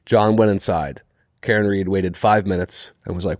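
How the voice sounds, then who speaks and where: A young man co-hosting a podcast tells a story in animated, casual chat and swears freely. His voice sits a bit low, in a dry room. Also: moderate pace, no room sound. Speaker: podcast co-host.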